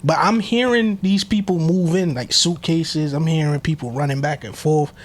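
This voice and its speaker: A man's voice: on the high side, normal speed. A man co-hosting a podcast, telling wild stories in loose slang and laughing often. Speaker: podcast co-host. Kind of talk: casual chat, storytelling.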